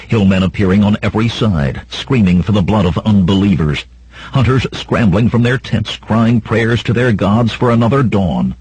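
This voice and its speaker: A man with a fairly low, darkish, husky voice reads a sword-and-sorcery audiobook as dramatic narration, with no echo. He raises his voice to act out the battle cries.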